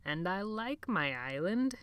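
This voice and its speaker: A woman voicing a frail, gentle old male librarian who speaks slowly and haltingly in a hoarse near-whisper. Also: medium pitch, big pitch swings, no echo. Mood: wistful. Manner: slow, halting, dreamy speech.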